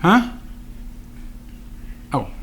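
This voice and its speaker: A man's voice: drawn-out words, fairly bright tone, a little hiss or hum. A man hosting his own live stream in a rambling, casual way, reading viewer comments aloud and getting fired up. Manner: rambling, reads viewer chat aloud, talks to someone off-mic; gets fired up and ranting.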